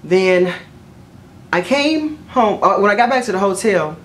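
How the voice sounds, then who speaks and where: A woman vlogging to her viewers in a loose, chatty storytelling manner, stopping often to search for words and correct herself. Her pitch sits in the middle of the range, and it leaps up whenever she quotes her own thoughts. A faint hiss runs behind her. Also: animated, a little slow. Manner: chatty, rambling, with fillers and self-corrections; jumps high in pitch when quoting herself. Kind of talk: casual storytelling to camera.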